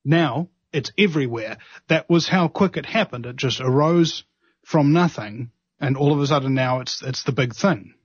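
A man's voice: medium pitch, moderate pace, breathy edge, no room sound. A man in a casual discussion who asks questions and makes wry remarks, with hesitant fillers. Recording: dull lo-fi, dry sound.

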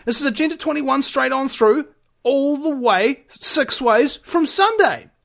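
A man hosts his own radio show, and his voice sits high for a man. He rambles through a heated rant, stumbling over restarts and fillers as he gets worked up. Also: expressive, measured pace, vocal fry, a bit bright. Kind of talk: ranting monologue.

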